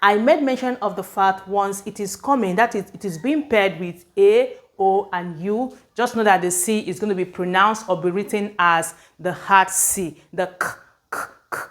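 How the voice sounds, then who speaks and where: A woman teaching English spelling, explaining patiently, sounding out words and often checking that her students follow. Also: mid-range voice. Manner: explanatory, repeats words slowly, checks understanding. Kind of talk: spelling lesson at a board.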